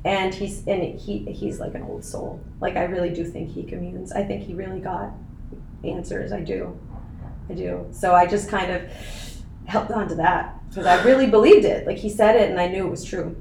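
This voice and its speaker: A woman's voice: lowish voice, steady tone, moderate pace, vocal fry, darkish tone. A woman in her thirties, a podcast guest telling her story in an earnest, emotional way, laughing at times. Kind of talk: casual interview chat. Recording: echoey room, faint noise.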